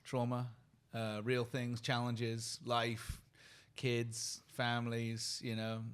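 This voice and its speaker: A man with a British accent speaks as a podcast guest, earnest and reflective. He lists his thoughts one by one, pausing between them. His pitch sits in the middle for a man. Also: completely flat delivery, clear, resonant tone. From United Kingdom. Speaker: guest, company leader and keynote speaker. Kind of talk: reflective conversational storytelling.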